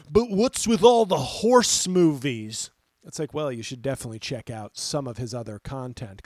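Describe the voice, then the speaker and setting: On a studio-quality recording with no room sound, a man with a voice on the high side, a comedian and host of his own podcast, goes on an animated monologue rant. He is sarcastic, swears a lot, and answers his critics.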